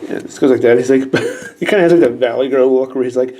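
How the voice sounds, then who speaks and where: A man in his thirties reviewing an old toy, excitable and sarcastic, joking to the figures as he goes. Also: mid-range voice, quick pace, a little hiss or hum. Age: 30s. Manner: excitable and sarcastic, talks to the toys.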